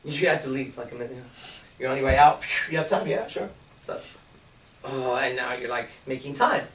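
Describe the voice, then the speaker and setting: A man's voice: medium pitch, fairly even intonation, fairly quick, reverberant, distant mic, poor audio. A man giving a blunt, profane talk as a pickup coach, acting out bits of dialogue as he goes. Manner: blunt, crude, acts out dialogue.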